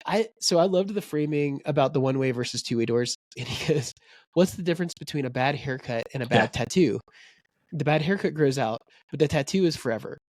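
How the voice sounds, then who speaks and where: A man co-hosting a podcast in relaxed chat, with many "you know"s and "right"s. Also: fairly high pitch, brisk, no room sound, clean studio sound. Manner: chatty, full of fillers like "you know" and "right". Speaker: podcast co-host. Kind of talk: casual chat.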